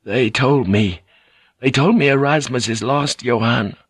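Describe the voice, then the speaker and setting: A man voicing an exhausted, dazed male ship's pilot who speaks haltingly in an audiobook. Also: medium pitch, breathy edge, no room sound, studio quality, voice pushed up. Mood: anguished. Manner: halting, strained, desperate.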